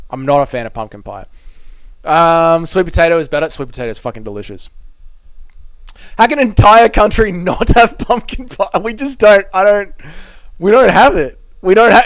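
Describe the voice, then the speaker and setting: A man's voice: on the high side, smooth, no room sound. A young Australian man reading out and answering chat messages on a live stream, swearing and bantering in a blokey way.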